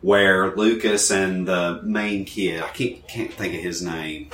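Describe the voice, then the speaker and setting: A man with a lowish, bright, forceful voice chats on a casual podcast. He is animated and laughs often as he retells scenes. The room around him is echoey. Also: takes it slowly. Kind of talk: casual chat about a TV show.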